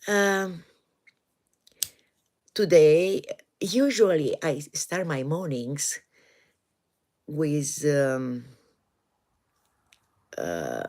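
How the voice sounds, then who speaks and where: A Romanian woman in her sixties, with a Romanian accent, hosts a casual live stream from her home in the woods. Her voice is low and darkish with lively intonation, and she speaks hesitantly, with many pauses and fillers, often chuckling.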